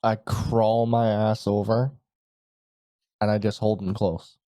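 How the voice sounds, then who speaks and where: A man's voice: on the low side, level tone, slow pace, mellow, no room sound. A man playing a tabletop game, talking in a plain, conversational way. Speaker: player. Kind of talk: casual tabletop game play.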